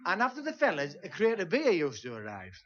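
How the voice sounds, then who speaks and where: Teesside bloke telling a funny rambling story on stage, voice jumping all over, fuzzy old vhs sound. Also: male voice, high voice, wildly swooping pitch, a little fast, fairly bright tone. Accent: Teesside English. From Teesside, England. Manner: rambling, chatty, with frequent "see?" asides. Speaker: folk singer and comedian. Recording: dull lo-fi VHS tape transfer.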